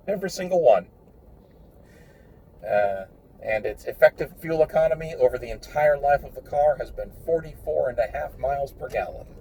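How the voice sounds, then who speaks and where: A man's voice: a little high, wildly swooping pitch, normal speed, long pauses, warm tone. Blunt man rambling while driving. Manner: blunt, opinionated, swears freely. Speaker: vlogger. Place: in a car. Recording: distant mic in a car, faint engine noise.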